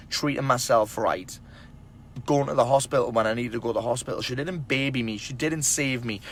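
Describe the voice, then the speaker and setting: Speaking directly to the camera, a men's self-help speaker delivers blunt, emphatic tough-love advice to other men, cursing often. His voice sits at a medium pitch with a fairly bright tone, and the talk is a casual motivational monologue.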